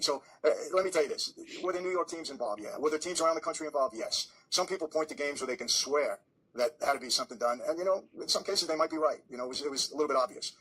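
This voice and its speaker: Man, husky, rapid, candid interview guest who stumbles and confides. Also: mid-range voice, fairly bright tone, rough recording. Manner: hesitant, restarting, confiding.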